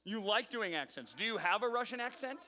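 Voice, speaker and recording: Upbeat youth pastor in a big hall. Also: male voice, high-pitched, animated, a little fast, sharp tone. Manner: upbeat, calls on teens by name, playful teasing. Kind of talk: leading a youth group game. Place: large hall with audience. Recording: long reverb from a large hall.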